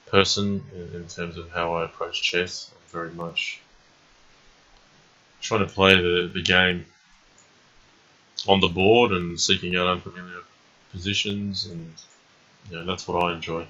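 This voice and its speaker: A man talks through his moves in a low, husky voice with a forceful edge. He commentates live in a steady, measured way and often pauses on an "um". The stream audio sounds dull and lo-fi. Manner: thinking aloud, calm and measured, frequent ums and uhs. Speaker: chess streamer.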